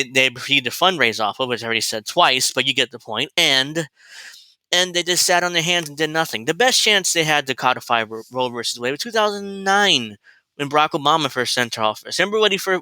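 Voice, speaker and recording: A man ranting angrily about politics, swearing freely and circling back over the same points. His voice is very bright and tense, recorded dry and close with no room sound. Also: mid-range voice, clear, resonant tone, no echo, rough recording. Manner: heated, profane, repetitive. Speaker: political commentator. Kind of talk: angry political rant.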